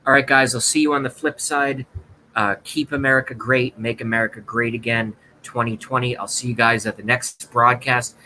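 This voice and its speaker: A man's voice: mid-range voice, steady tone, normal speed, sharp tone, slight background noise, low-quality recording. A man hosting a livestream, speaking in a sarcastic, mock-dramatic rant to his viewers. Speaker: livestream host.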